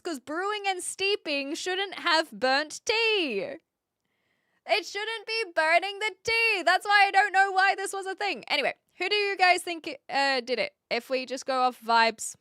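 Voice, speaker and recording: A woman's voice: high voice, lively intonation, unhurried, bright, forceful tone, dry recording, studio quality. A woman streamer chatting casually while reacting to videos, often exasperated and arguing with her chat.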